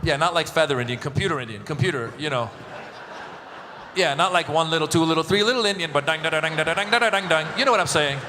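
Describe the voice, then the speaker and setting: A man's voice: fairly high pitch, fast talker, bright, forceful tone, slight background noise. A middle-aged male stand-up comedian from Iran performing a set before a live audience, joking with the crowd and acting out voices. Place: large event hall with a live audience. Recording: echoey live hall, crowd.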